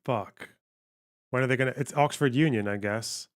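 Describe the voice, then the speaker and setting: A man's voice: mid-range voice, moderate pace, dry recording. A young male streamer hosts a live stream in a casual, blunt manner. He swears freely and laughs often. His voice sounds close and dry, with little room sound. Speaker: streamer host.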